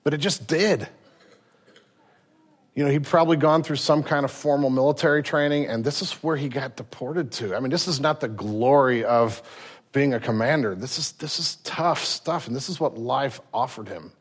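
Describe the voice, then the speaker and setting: A man's voice: medium pitch, moderate pace, slightly rough. A man preaching a sermon in a church, telling stories animatedly with frequent restarts. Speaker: pastor.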